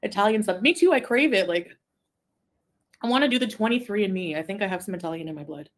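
A woman from Quebec chatting casually on a live stream, reading viewer comments, rambling and giggling, sometimes trailing off into a soft mumble. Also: medium pitch, quick pace, a little hiss or hum. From Quebec, Canada. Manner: rambling, easily distracted, giggly asides. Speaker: livestreamer.

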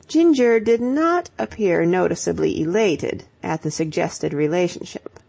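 A woman narrating an audiobook with a measured, expressive reading. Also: fairly low pitch, creaky, breathy edge.

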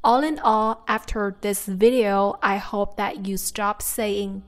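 A young woman with a Vietnamese accent, a native Vietnamese speaker, calmly explaining pronunciation as a language teacher. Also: mid-range voice, slow pace, few pauses. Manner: calm, careful explanation with spoken examples.

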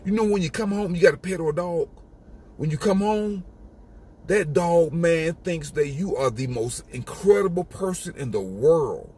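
A man's voice: fairly high pitch, darkish tone, husky. A man giving an emphatic, repetitive motivational monologue in a casual street style. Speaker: motivational speaker.

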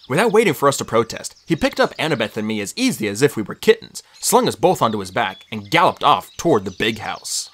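An audiobook reader narrating a story in first person with lively, expressive storytelling. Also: mid-range voice, quick pace, hardly any pauses.

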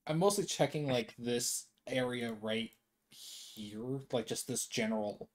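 A man's voice: mid-range voice, measured pace, a little hiss or hum. Rambling man playing a tabletop game. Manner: rambling, restarting, animated when excited. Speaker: player. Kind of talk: casual tabletop game chat.

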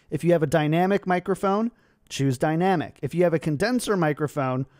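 A man hosting a tech tutorial, giving upbeat, clear explanations at a home streaming setup. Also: on the high side, a little mellow, no echo, studio quality.

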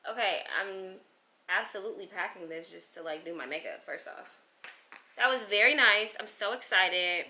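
A young woman vlogger chatting excitedly to her viewers while she unboxes packages at home. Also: mid-range voice, moderate pace. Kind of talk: casual unboxing vlog.

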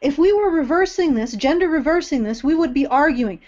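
A woman's voice: sits high, animated, a little fast, darkish tone, lo-fi sound. A woman co-hosting a casual panel discussion, talking with mock-indignant sarcasm. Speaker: podcast co-host.

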